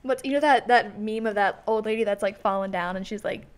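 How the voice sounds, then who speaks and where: A woman's voice: medium pitch, brisk, smooth. A young woman co-hosting a casual podcast, talking in an enthusiastic, rambling way. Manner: rambling, enthusiastic, many fillers like "like". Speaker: podcast co-host. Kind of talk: casual chat.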